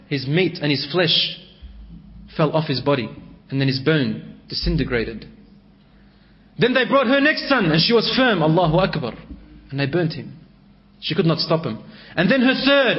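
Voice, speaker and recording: A male preacher with a notably high voice tells a sermon story, his delivery swinging from raised intensity to hushed lows. The sound is dull and lo-fi, with a muffled top end. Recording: dull lo-fi recording.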